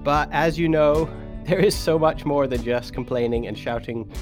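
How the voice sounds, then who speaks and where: A British man hosting a podcast interview, chatty and animated, laughing easily as he introduces his guest. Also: fairly high pitch, moderate pace, over music. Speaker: podcast host.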